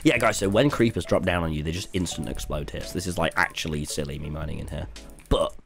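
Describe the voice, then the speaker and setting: Chaotic cheeky young streamer. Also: male voice, low voice, fast talker, gravelly, a bit bright, soft background music. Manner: chaotic, cheeky, swears often, laughs a lot. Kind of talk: casual gaming livestream commentary.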